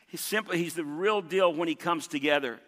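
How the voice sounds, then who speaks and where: A man's voice: fairly high pitch, a little fast, fairly bright tone. A man preaching a sermon as pastor, emphatic, repeating key points and calling on the congregation for responses. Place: large church sanctuary. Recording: long reverb of a big hall.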